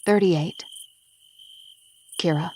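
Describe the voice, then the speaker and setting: A woman's voice: lowish voice, drawn-out words, mellow, a little hiss or hum. A woman narrating a first-person audiobook with an intense, emotional delivery.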